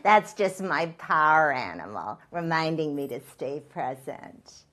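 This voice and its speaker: A comedian voicing a self-absorbed female celebrity wellness guru who was once an actress, speaking in airy, deadpan one-liners. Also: sits low, measured pace, heavily acted. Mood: breezy. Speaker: talk show guest. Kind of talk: stand-up character comedy.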